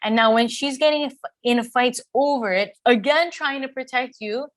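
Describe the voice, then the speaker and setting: Sympathetic woman co-host, slightly high voice. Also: normal speed. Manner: agreeable, sympathetic reactions. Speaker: podcast co-host. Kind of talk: casual reality TV recap chat.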